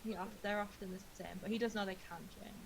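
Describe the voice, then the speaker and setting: A woman narrating a tabletop game as dungeon master, describing scenes softly with frequent fillers. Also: mid-range voice, fairly even intonation, fast, vocal fry, background noise.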